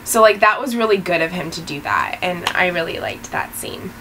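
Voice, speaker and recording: A woman co-hosting a casual TV episode review, chatty and giggly, with animated retellings of scenes. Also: lowish voice, moderate pace, background noise. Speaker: podcast co-host.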